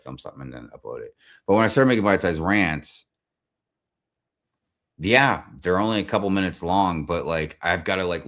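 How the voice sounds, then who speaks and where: A man's voice: deep voice, fairly bright tone. A man hosting a livestream, ranting casually in a rambling way and swearing constantly. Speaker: livestream host. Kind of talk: profane casual rant.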